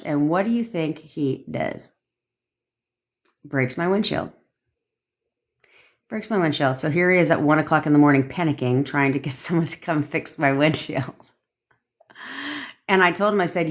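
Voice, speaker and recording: Her voice sitting low, this manifestation coach rants casually on a live stream while telling a story. She doesn't hold back on swearing and keeps circling back to the same points to drive them home.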